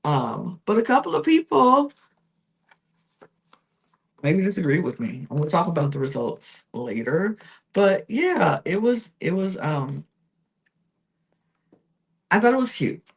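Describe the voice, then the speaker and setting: Chatty woman with a lively, low voice. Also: unhurried, creaky, pauses often, breathy edge. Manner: chatty, full of fillers and self-corrections. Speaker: podcast host. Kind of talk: casual reality TV recap.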